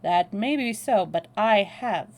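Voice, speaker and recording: Storybook tough guy: woman reading a cool, drawling American man with a gravelly edge. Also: medium pitch, unhurried, close to an everyday voice. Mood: blunt. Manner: drawling, dry and threatening. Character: brash, blunt young American man, cool under pressure. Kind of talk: read-aloud novel dialogue.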